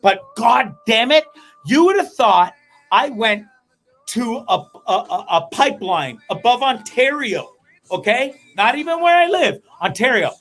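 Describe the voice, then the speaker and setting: A man hosting a comedic live show, telling stories in a rambling, profane, animated way. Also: very high voice, measured pace. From Canada. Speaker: host.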